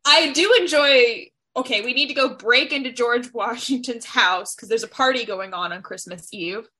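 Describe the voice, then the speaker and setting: A woman's voice: on the high side, moderate pace, sharp tone. A woman co-hosting a casual podcast, talking enthusiastically and laughing often. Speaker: podcast co-host.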